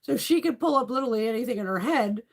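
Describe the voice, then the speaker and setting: Woman beauty creator on a live stream, lively pitch, rambling casual chat peppered with swearing. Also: fast talker. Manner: reads and answers viewer comments.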